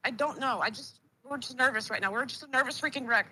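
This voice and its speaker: A woman's voice: high-pitched, fast, bright, forceful tone, low-quality recording. A woman calling in, shaken and panicked, stammering and repeating herself. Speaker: caller. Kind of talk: phone call on stream.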